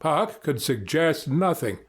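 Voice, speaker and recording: A man narrating a story in a steady, storybook manner. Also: fairly high pitch, slow pace, slightly rough. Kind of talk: scripted narration.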